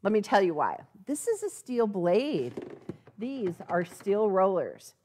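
Over a recording with a little hiss or hum, a woman speaks slowly in a medium pitch. She is giving a chatty, animated live product demonstration in a sewing store, regularly checking in with "okay?".

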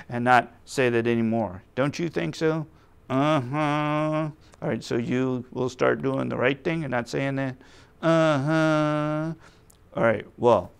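Kids' church leader, male, patient and coaxing, slightly gravelly voice. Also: mid-range voice. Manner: patient, coaxing, talks to a puppet. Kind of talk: puppet skit for children.

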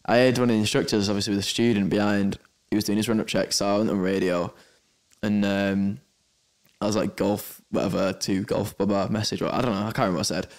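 Casual male podcast co-host, a little low-pitched, tells loose, rambling stories. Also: level tone, fast. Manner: rambling storytelling with many restarts. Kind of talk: casual chat. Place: indoors at a venue.

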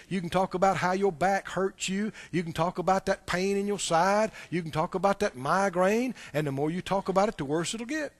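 A man's voice: high-pitched, fairly bright tone. A male preacher giving a sermon, animatedly quizzing the congregation in a church.

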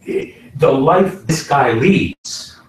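A middle-aged man, an actor giving a casual lecture to a class, talking in an animated way and swinging between loud and soft to make his points. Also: medium pitch, extremely slow. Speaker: guest actor speaking to a class. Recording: very echoey room, from far off.

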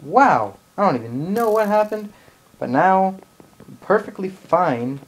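A man's voice: sits high, sing-song, unhurried, slight background noise, low-quality recording. Ranting young-sounding male gamer. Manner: exasperated, ranting exclamations. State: annoyed. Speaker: gaming channel host. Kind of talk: live gameplay commentary.

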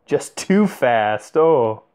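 A man's voice: mid-range voice, a little mellow. A young man casually commentating a mobile game, swearing a lot and laughing in disbelief. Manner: profane, giggly, incredulous. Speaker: gameplay commentator. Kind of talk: casual let's-play commentary.

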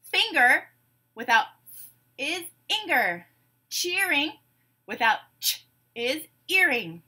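A woman teacher with a bright, clear voice runs a phonics drill for young children. She speaks slowly, stretching each word out and dropping in cheerful praise. Her voice sits a little high for a woman. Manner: slow, drawn-out words with upbeat praise. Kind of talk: phonemic awareness lesson for young children.

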